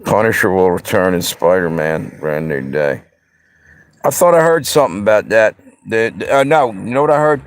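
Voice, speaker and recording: Answering viewers in a casual live-stream chat, an easygoing man from the Pennsylvania–Delaware region rambles and addresses the chat directly. His voice sits on the low side, expressive and at a moderate pace, with no echo.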